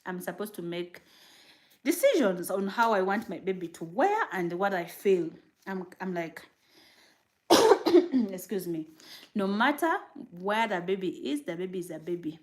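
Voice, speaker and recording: Chatty woman, animated livestream. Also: medium pitch, measured pace, pauses often. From Uganda. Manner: animated, rambling, reading viewer comments. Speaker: vlogger and new mother. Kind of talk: casual livestream chat.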